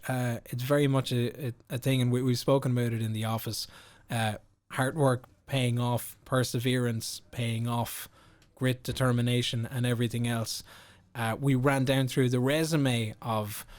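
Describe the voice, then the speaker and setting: A man hosts a sports podcast in a relaxed, talkative way. His voice sits at an everyday middle pitch, and his long questions are filled with ums and uhs. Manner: chatty, rambling, many fillers. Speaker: podcast host. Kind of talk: casual interview chat.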